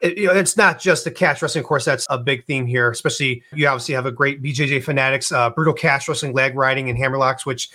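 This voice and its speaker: A man's voice: mid-range voice, fast talker, hardly any pauses, bright, forceful tone. A man hosting an interview, talking casually and enthusiastically with lots of fillers. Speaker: podcast host.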